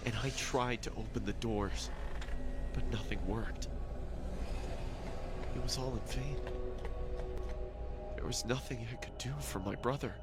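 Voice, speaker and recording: A young man narrating as a haunted figure recalling his brother's kidnapping, in a somber, hushed scripted narration. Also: medium pitch, a little slow, long pauses, close to an everyday voice. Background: music.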